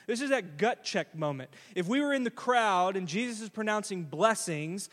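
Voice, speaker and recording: A male pastor preaching a sermon in a conversational storytelling way, often putting questions to the congregation. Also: sits high. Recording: long hall reverb.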